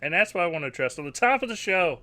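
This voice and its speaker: Man, podcast host, casual chat, joking, laughing, bright voice. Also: high voice, sing-song, rapid-fire. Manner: laughs often, loose and joking.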